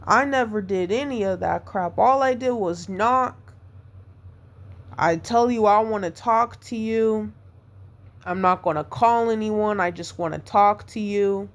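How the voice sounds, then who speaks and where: A podcast host with a medium-pitched voice talks slowly through a painful breakup, upset and devastated. Her personal venting monologue rambles and circles back on itself as she repeats her hurt.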